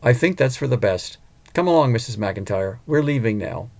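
Steady, polite chauffeur, read by a man, middle-pitched and calm. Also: moderate pace, vocal fry. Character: calm loyal male chauffeur.

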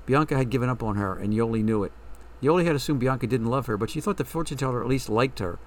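A man's voice: mid-range voice, fast, distant mic, slight background noise. A man reading a story aloud in a reflective storytelling way. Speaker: narrator. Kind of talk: scripted story narration.

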